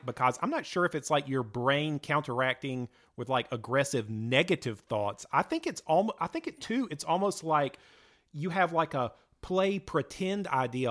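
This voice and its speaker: A man's voice: a little high, fairly bright tone. A man in his thirties co-hosting a casual chat, explaining his thoughts with lots of hedges and fillers. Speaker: podcast co-host.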